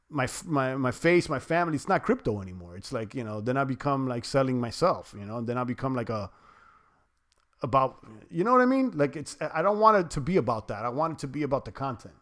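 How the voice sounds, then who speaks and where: A crypto livestream host with a mid-range, slightly bright voice chats loosely and reads viewer comments aloud. He rambles with lots of fillers and restarts, and playfully trash-talks the trolls.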